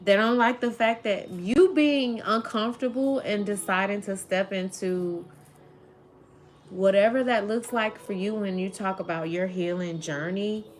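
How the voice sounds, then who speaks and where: A woman's voice: medium pitch, a little slow, slight background noise. A woman giving a spiritual tarot reading to her viewers, rambling and emotional, with many "like"s. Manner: rambling, emotional, says "like" often. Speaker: tarot reader.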